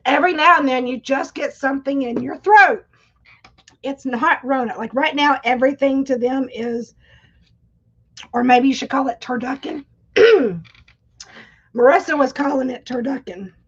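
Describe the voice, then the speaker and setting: High-voiced chatty woman. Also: moderate pace, pauses often, fairly bright tone, breathy edge, muffled recording. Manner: chatty, talks straight to viewers. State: coughing, irritated throat. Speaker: livestream host; schoolteacher. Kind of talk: casual live chat.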